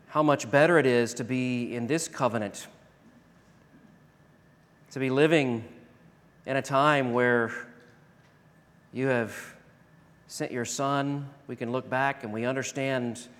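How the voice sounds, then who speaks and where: A pastor delivering a sermon and closing prayer, rising to loud emphatic declarations and dropping to hushed, slow prayer. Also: male voice, medium pitch. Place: church sanctuary. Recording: long reverb of a large hall.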